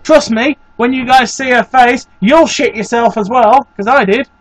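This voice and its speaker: Excitable man with a high voice. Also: normal speed, rough recording. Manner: excitable, swearing, mock-scared outbursts. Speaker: let's play host. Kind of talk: gaming commentary.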